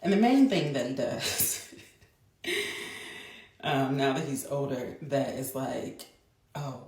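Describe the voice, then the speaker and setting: Mom vlogger, 30s, deep for a woman, chatty and quick in bursts, roomy sound. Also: a little mellow. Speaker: mother. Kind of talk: casual storytelling vlog. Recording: echoey room.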